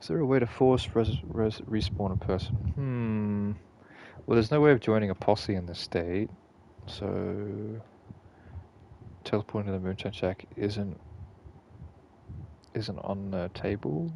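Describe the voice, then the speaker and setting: A man's voice: lowish voice, a little slow, vocal fry, mellow, a little hiss or hum. A man giving casual gameplay commentary, laid-back and swearing freely while he mutters to himself. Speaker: gaming channel host.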